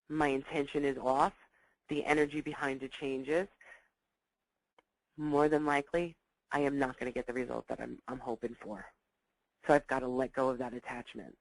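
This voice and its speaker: A woman teaches parents about children's behavior in a recorded talk, and the sound is close and dry. She stresses key points by repeating them and slips into lively voices to act out scenes between parent and child. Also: a bass voice, no echo, rough recording. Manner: acts out dialogues in lively voices.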